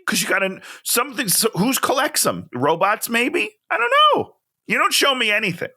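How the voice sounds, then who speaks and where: Animated jokey man from Minnesota. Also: extremely high pitch, normal speed, slightly rough. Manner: animated, jokey, puts on voices when retelling. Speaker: podcast co-host. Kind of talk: casual comedic chat.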